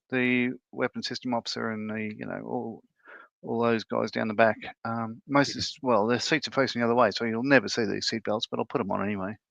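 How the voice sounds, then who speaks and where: A man talks loosely through his scale model work, wandering between thoughts with plenty of ums. His voice has a gravelly fry to it. The sound is muffled and lo-fi, but dry and close. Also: mid-range voice, sharp tone, no room sound. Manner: rambling, explains his model build step by step with many fillers. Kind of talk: casual livestream chat.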